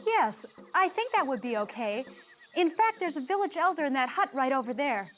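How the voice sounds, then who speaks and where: A calm, high-voiced anthropologist. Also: female voice, moderate pace. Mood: informative. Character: earnest female anthropologist living with a tribe. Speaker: in-game anthropologist character.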